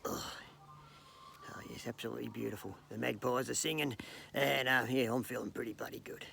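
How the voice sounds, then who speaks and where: A man's voice: medium pitch, steady tone, brisk, vocal fry, sharp tone, a little hiss or hum. A man with an Australian accent telling rambling, swear-filled jokes to camera and laughing at his own gags. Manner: hesitant fillers and restarts. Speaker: comedic vlogger.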